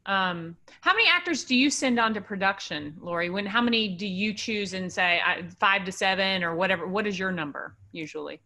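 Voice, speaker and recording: A woman interviewer with a bright, sharp voice asks questions and adds short encouraging replies. The talk is relaxed and the sound comes over a video call. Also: mid-range voice, fairly quick, few pauses. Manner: brief encouraging responses, friendly questions. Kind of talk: casual interview.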